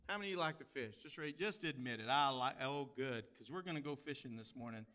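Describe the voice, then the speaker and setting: An animated, fast-talking pastor from the Texas hill country preaches at medium pitch in a pushed, bright voice. His sermon unfolds as folksy storytelling, with a Texan accent and drawled phrases.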